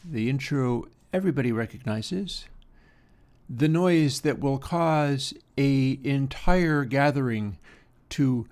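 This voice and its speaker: A man's voice: medium pitch, slow pace, a little mellow. A man streaming casual commentary while music plays, enthusiastic with rambling asides. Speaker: streamer discussing music mixing. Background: music playing.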